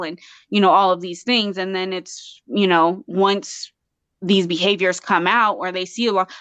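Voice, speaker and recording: A woman's voice: medium pitch, steady tone, normal speed, fairly bright tone, clear, resonant tone, dry recording. A woman from Colorado, a guest on an interview show, talking earnestly and passionately with many restarts. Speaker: guest artist and mother. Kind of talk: casual interview talk.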